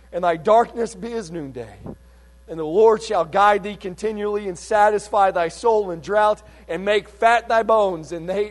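A man preaching a fervent sermon, swinging between hushed and loud passages, and reading scripture aloud in old-fashioned wording. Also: sits high. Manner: reads scripture in old King James wording.

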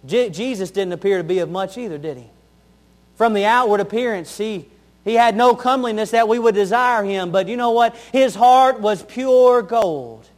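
A man's voice: high voice, a little fast. A young adult man, a pastor, preaching a sermon in an earnest way, telling homely stories and repeating his key phrases.

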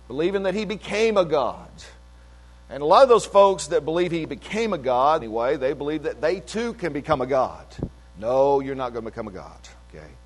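Animated older preacher in a reverberant hall. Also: male voice. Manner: animated, swings between emphatic peaks and low asides. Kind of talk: sermon-style testimony.

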